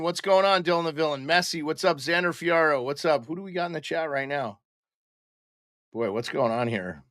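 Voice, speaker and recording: A man's voice: fairly high pitch, fairly bright tone, no echo, studio quality. A young man hosting a casual pre-game live stream, chatting and greeting viewers by name.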